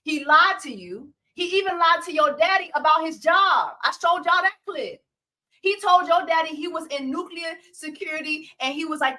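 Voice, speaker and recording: A woman hosting a casual livestream of reality-TV commentary, ranting in an animated, profane and incredulous way. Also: very high-pitched, moderate pace. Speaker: host.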